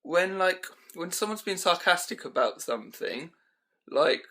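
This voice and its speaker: A man's voice: sits high, sing-song, a little slow, pushed and bright. A young man casually ranting through a list of pet peeves for his vlog, rambling with lots of "um" and "like", recorded on a handheld camera at home. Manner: rambling, full of fillers like "um" and "like". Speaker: vlogger.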